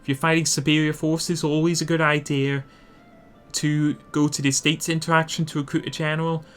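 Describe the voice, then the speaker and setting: A man's voice: a little high, little pitch movement, a little fast, fairly bright tone, clean tone, soft background music. A man narrating an instructional strategy game guide, explaining his plans while thinking aloud and correcting himself as he goes. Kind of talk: instructional gameplay commentary.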